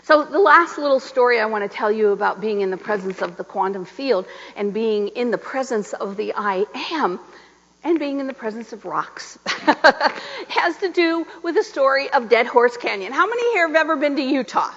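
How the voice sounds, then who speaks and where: A woman's voice: fairly high pitch, normal speed. A middle-aged woman minister giving a sermon, telling stories and acting out the voices of the people in them. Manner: animated, laughing, acting out quoted voices. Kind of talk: sermon with storytelling. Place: church sanctuary. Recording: dull reverberant hall recording.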